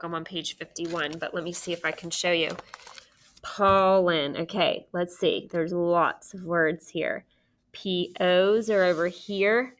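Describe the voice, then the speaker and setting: Woman teacher, unhurried and clear, bright tone, recorded phonics lesson for kids. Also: fairly low pitch, slight background noise. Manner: slow, clear teacher talk with drawn-out sounds.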